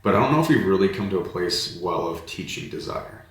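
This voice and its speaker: Deep-voiced man musing in an echoey room. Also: lively intonation, fairly quick. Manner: thoughtful, searching for words. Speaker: host and pastor. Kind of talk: casual conversation. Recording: very echoey room, faint background ambience.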